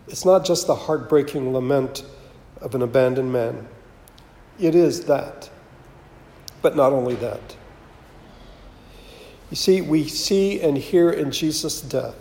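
A man giving a slow, measured, solemn sermon as pastor, reading scripture aloud. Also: medium pitch, creaky, warm tone. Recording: roomy with long reverb.

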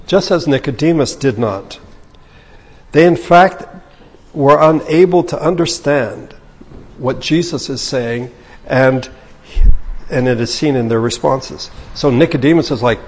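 Husky-voiced male pastor in a reverberant church. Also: mid-range voice, measured pace, darkish tone. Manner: conversational, paraphrasing scripture in casual speech. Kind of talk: sermon.

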